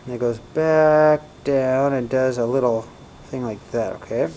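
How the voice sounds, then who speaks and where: A male math teacher walks through graphs in a relaxed, chatty way. He keeps tossing "right?" and "okay?" to his students, and his voice sits at an ordinary middle pitch. A faint hiss runs under the recording. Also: unhurried, rough recording. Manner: casual, checks in often with "right?" and "okay?".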